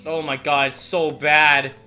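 A man playing an online game, excitable and mocking, laughing often in casual chat. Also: fairly high pitch, a little slow, soft background music. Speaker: game player.

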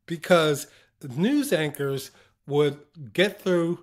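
Man guest, slightly high voice, unhurried anecdotes, voices his quotes, laughs a lot. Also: animated. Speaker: interview guest, former TV broadcaster. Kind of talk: casual anecdotal storytelling.

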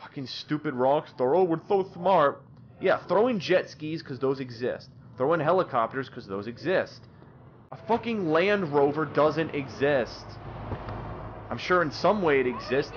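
A man's voice: fairly high pitch, lively intonation, normal speed, dull audio, a little hiss or hum. A young man swearing and ranting in exasperation as he comments on his own gameplay. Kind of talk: let's-play commentary.

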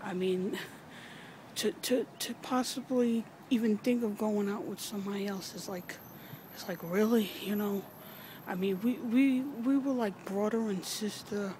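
Upset woman talking slow n halting, lots of sighs and swearing, cars going by behind her. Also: mid-range voice, steady tone. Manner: swearing, halting and tearful, often sighing. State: emotional, on the verge of tears. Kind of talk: emotional personal video message. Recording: noisy background with vehicles.

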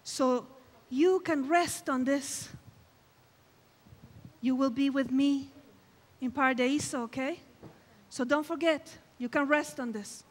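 High-voiced woman preaching with fervor. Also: takes it slowly, pauses often, big-room sound. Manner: emphatic, exclamatory preaching with dramatic quoted lines. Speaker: guest preacher. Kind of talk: sermon. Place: large hall at a camp meeting.

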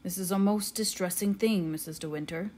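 A woman reading a quiet, grave old colonel. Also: mid-range voice, animated, fairly quick, slight background noise, lightly acted. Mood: grave, gentle. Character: grave, gentle older English colonel, shrunken and quiet.

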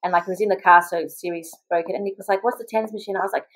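A young Australian mother with a mid-range voice and fairly even intonation tells her story as a podcast guest. Chatty and quick, she fills it with "like" and acted-out quotes, and the recording is rough.

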